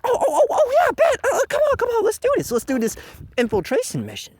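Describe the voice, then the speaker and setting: A man's voice: very high-pitched, huge pitch swings, a little fast, a little mellow, no echo, studio quality, pitched above the performer's own voice, heavily acted. A man voicing a cocky young male swordsman in a breezy, mock-eager way.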